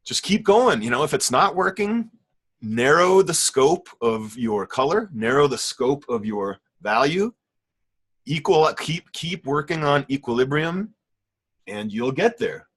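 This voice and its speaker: Husky, enthusiastic middle-aged art teacher. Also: male voice, fairly high pitch, very animated, unhurried, fairly bright tone. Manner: enthusiastic, rambling, with many fillers and self-corrections. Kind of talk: casual online class critique.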